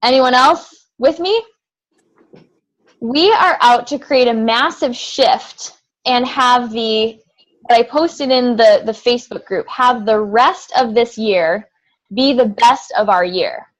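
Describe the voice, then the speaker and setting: A woman's voice: a little high, slow, poor audio. A woman with a slightly raised voice leads a group call. She talks in an upbeat coaching way and keeps asking the team rhetorical questions.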